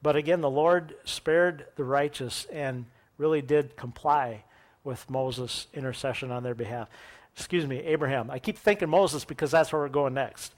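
A man's voice: medium pitch, normal speed. A man preaching, reading a scripture passage aloud and then explaining it in a conversational teaching manner, correcting his own slips as he goes.

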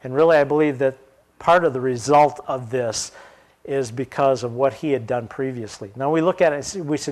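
A man's voice: medium pitch, moderate pace, a little mellow. A man reading a Bible passage and explaining it in a conversational teaching style, asking rhetorical questions. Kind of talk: Bible study reading and commentary.

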